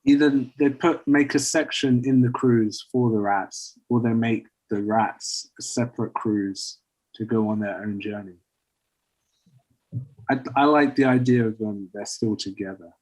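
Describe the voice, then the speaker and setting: Man, husky, unhurried, casual rambling storyteller, lots of fillers. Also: medium pitch, fairly even intonation, a little mellow, rough recording. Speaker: podcast co-host pitching a story. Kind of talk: casual chat.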